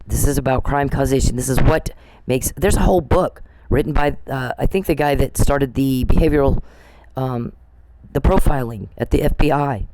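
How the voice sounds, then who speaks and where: A man's voice: medium pitch, a little mellow, slight background noise, poor audio. A man podcasting alone, scornful and mocking, ranting at an absent person with profanity and repetition. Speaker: podcast host. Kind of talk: angry monologue addressed to an absent person.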